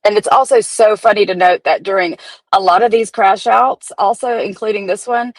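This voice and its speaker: A woman's voice: medium pitch, fairly even intonation, moderate pace, no echo, rough recording. A woman hosting a profane, chatty commentary stream. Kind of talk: casual gossip commentary.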